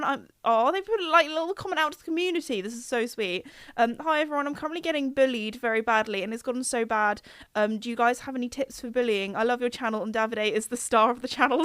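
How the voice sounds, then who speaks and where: A woman's voice: a little high, fast talker, a bit bright, clean tone, dry recording. Young woman, podcast host. Chatty, giggly, rambling. Dry, close mic. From England. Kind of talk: casual chat reading comments.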